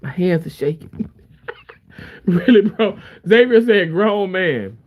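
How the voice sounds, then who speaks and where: Male streamer with a high, bouncy voice, casual and rambling as he answers chat. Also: animated, slow, darkish tone. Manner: rambling, laughing, chatty. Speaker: livestreamer reading chat.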